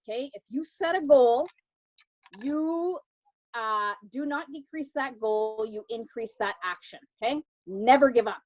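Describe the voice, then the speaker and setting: A woman's voice: fairly high pitch, poor audio. Emphatic woman giving a pep talk. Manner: emphatic, repeats advice with "okay?". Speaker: team member sharing a success story.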